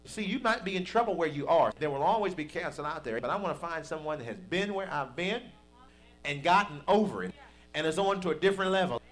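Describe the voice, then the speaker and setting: A man delivering a sermon as a pastor, his voice sitting a little high for a man. He speaks in a folksy, conversational manner and builds to emphatic, forceful peaks. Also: big pitch swings, brisk. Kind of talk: preaching a sermon.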